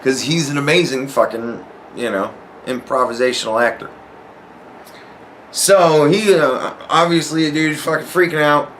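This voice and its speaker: A man hosting a podcast, telling a story casually in a profane, animated way and acting out other people's lines. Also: on the high side, moderate pace, slight background noise, rough recording. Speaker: podcast host.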